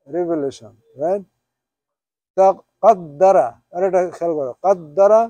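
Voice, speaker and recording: A male teacher gives a classroom lesson on Quranic Arabic grammar, going over each term again and again and checking in with short questioning tags. His voice is fairly high but mellow and warm. The recording is dry, with little room sound. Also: no echo. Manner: patient, repetitive explaining with questioning tags. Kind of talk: classroom lesson, mixing English and Bengali.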